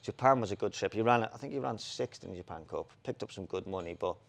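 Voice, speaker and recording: A man, a former jockey co-hosting a podcast, telling racing anecdotes in a lively, casual way. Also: fairly low pitch, fast, gravelly. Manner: animated anecdotes, laughs, quotes people in put-on voices. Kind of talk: casual storytelling chat.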